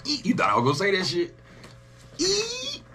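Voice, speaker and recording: A man hosting a music reaction video, joking loudly and talking straight to his viewers in a casual, profane way. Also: high-pitched, very fast, a little hiss or hum. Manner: animated, joking, profane, talks to his audience.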